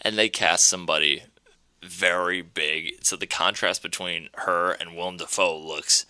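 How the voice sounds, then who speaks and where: A man's voice: low-pitched, fairly even intonation, a little slow, pushed and bright, clean tone, no echo. A man casually recapping a movie scene by scene on a podcast, rambling and laughing as he goes. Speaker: podcast co-host.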